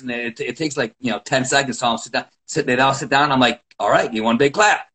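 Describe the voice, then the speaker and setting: Animated man telling coaching stories. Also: medium pitch, fast talker, hardly any pauses, poor audio. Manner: animated, acts out quotes, frequent restarts. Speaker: wrestling coach. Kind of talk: casual podcast storytelling.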